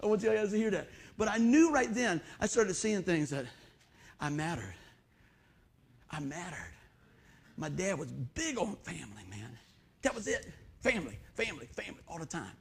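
A middle-aged man preaching a sermon to a congregation in a church, telling folksy stories and swinging between soft asides and loud bursts. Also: high-pitched, big pitch swings, brisk, vocal fry, slightly rough. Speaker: pastor.

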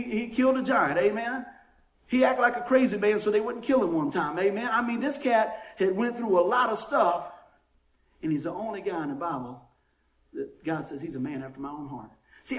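A man preaching a sermon in a church, animated and folksy, often asking the congregation for an "amen.". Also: sits high, echoey room. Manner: folksy, down-home phrasing. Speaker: pastor. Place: church sanctuary.

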